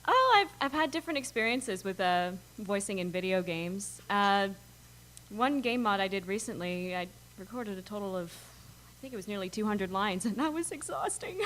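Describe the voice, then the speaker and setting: A woman's voice: mid-range voice, lively intonation, normal speed, fairly bright tone, poor audio. A woman voice actress answering questions on a convention panel, friendly with light laughter. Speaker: voice actress guest. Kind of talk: casual convention panel chat.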